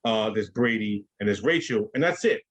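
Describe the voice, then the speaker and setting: A man's voice: lowish voice, animated, moderate pace. A man guesting on a podcast, chatting casually and profanely about movies, acting out lines in mocking voices. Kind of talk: casual chat.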